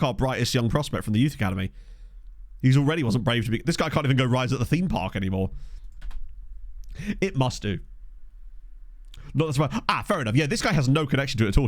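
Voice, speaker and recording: A man's voice: medium pitch, no echo, clean studio sound. A young man casually chatting and laughing as he streams a management game, talking into a desk mic. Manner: animated, laughs often, chatty asides. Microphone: desk condenser mic.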